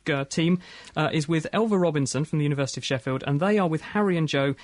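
A man hosting a radio science show in a studio, quick, jokey and energetic. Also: on the high side, no echo. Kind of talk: lively radio chat.

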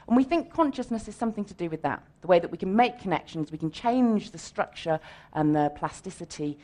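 A woman scientist on a live radio science show, explaining to an audience in a clear, measured way. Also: deep voice, darkish tone. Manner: explanatory, with light laughs. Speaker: scientist guest.

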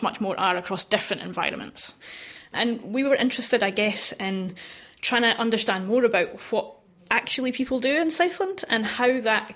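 A woman researcher explains her linguistics work in a radio interview. Her voice sits in a middle pitch, and she talks in a lively, explanatory way and laughs easily.

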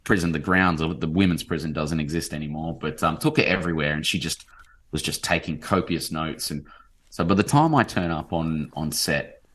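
An Australian man in his forties, talking in an animated, rambling way with many fillers as a guest in a casual interview. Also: a bass voice, brisk. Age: 40s. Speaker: novelist guest.

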